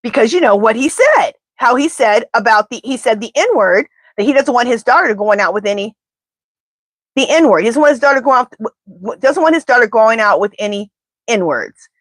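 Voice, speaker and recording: A woman's voice: on the high side, expressive, fairly quick, fairly bright tone, no room sound. A woman tarot reader in casual live-stream chat, rambling and talking straight to her viewers.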